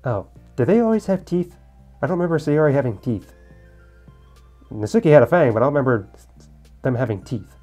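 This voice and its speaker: A man's voice: medium pitch, animated, brisk, long pauses, mellow, faint music behind. Chatty man reading a visual novel. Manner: chatty, joking asides while reading the game text. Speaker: let's-play gamer. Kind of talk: casual game commentary with read-aloud dialogue. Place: at home in Korea.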